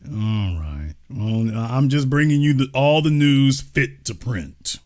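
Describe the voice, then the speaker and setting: A man hosting a live-stream talk show, making casual, mocking commentary with animated asides. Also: medium pitch, takes it slowly. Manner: animated, mocking, slips into mimicked voices.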